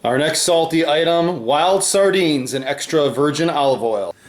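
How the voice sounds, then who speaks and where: A man's voice: fairly high pitch, moderate pace. Man explaining food facts in an echoey room. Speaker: host of a food challenge channel. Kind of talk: casual chat.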